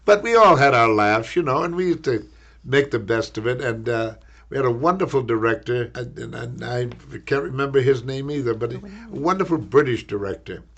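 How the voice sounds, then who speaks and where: An older man, an actor, recalling a film shoot in a rambling, halting interview anecdote, repeating words as he goes. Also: mid-range voice, fairly bright tone, lo-fi sound.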